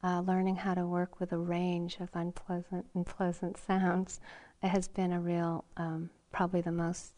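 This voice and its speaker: A middle-aged woman giving a dharma talk at a meditation retreat, speaking in an unhurried, reflective way with frequent pauses and soft laughs. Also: on the low side, monotone. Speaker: meditation teacher.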